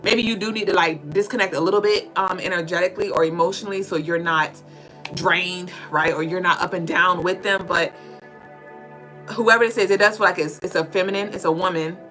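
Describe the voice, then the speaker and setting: A woman's voice: on the low side, steady tone, a little fast, a bit bright, low-quality recording. A woman hosting a casual livestream tarot reading, reading viewer comments aloud and answering them in a loose, chatty way with fillers and the odd swear word. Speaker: livestream spiritual reader and host. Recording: music bed under the voice. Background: music playing under the voice.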